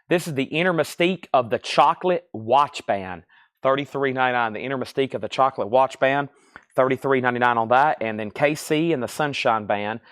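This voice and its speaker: A man's voice: medium pitch, fairly bright tone, no echo. Guy hosting a live vinyl sale stream, talky and rambly, plain middle voice, dry no room. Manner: chatty, reads prices, rambles between items. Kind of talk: live-stream sales patter.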